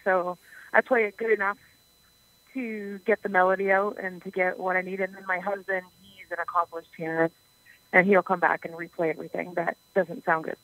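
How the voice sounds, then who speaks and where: A woman's voice: lowish voice, little pitch movement, brisk, no echo, phone-quality sound. A young adult woman from Canada, a singer being interviewed, chatting casually and laughing often. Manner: giggly, talkative. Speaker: singer guest.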